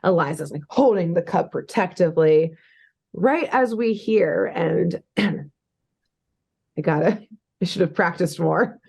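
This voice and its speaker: A woman's voice: fairly low pitch, animated, slow, vocal fry, long pauses, a little mellow, breathy edge. A young woman co-hosting a podcast, recapping a cartoon episode in casual, chatty talk full of fillers and laughter. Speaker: podcast co-host.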